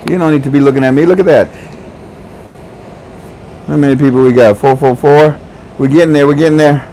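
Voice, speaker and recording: A man's voice: fairly high pitch, steady tone, fairly quick, mellow, a little hiss or hum, rough recording. A man hosting a casual livestream, chatting with viewers, joking and laughing often. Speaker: livestream host.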